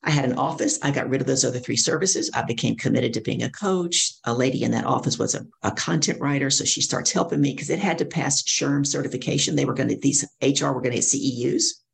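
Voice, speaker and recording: A middle-aged woman, a guest speaker and coach, telling stories lively and acting out the voices of people she quotes. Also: rumbling low, fast, gravelly, hardly any pauses. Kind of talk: storytelling interview.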